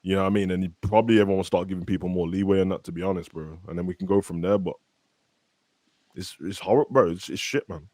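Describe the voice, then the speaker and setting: Weary low-voiced man. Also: steady tone, quick pace, dark tone, dry recording. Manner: weary, frustrated, slangy. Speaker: football fan panelist. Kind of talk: casual podcast chat.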